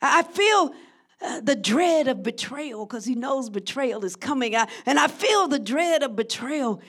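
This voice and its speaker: A woman preaching a sermon who swings from hushed, drawn-out lines to shouted crescendos and calls out to her congregation. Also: sits high, lively intonation, husky. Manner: call-and-response with the congregation.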